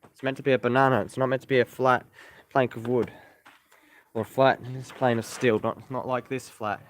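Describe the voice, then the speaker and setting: A man's voice: mid-range voice, little pitch movement, moderate pace. A man giving a casual, rambling vlog walkaround of his vehicle, correcting himself as he points things out, recorded outdoors on a camera mic. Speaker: car repair vlogger.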